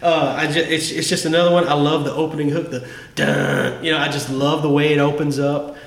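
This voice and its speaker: A man's voice: on the high side, flat delivery, fast. A man on a podcast, talking casually and with enthusiasm about favorite songs, often restarting his sentences. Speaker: podcast host. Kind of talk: casual music chat. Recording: echoey room, faint background noise.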